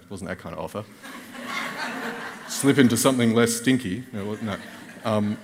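A man with an Australian accent delivers a storytelling sermon, his voice sitting a bit low. He moves between earnest reflection and wry jokes at his own expense. A long reverb from a church hall trails every phrase. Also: normal speed, long pauses, a little hiss or hum. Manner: animated storytelling with wry self-mocking asides. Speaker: guest preacher.

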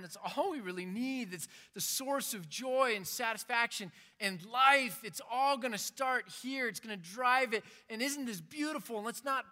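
A man's voice: high-pitched, pushed and bright. A man giving an informal sermon with passion, acting out the prayers he quotes. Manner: impassioned, acts out quoted prayers. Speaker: preacher.

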